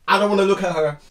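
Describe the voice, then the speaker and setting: Flamboyant young man, wildly animated pitch. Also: husky. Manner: flamboyant, exclamatory, sassy, talks straight to viewers. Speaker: reaction video host. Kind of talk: excited reaction commentary. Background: music video playing.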